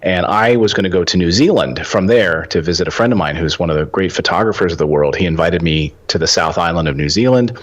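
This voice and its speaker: A man in his forties telling a story as a podcast guest, animated and acting out the dialogue. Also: low-pitched, fast talker, hardly any pauses. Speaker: podcast guest, real estate investor. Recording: dull lo-fi audio.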